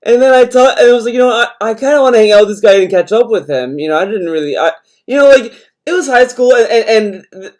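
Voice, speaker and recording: A young adult man streamer ranting in casual chat, swearing often and rambling as he talks. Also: high voice. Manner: profane, rambling rant.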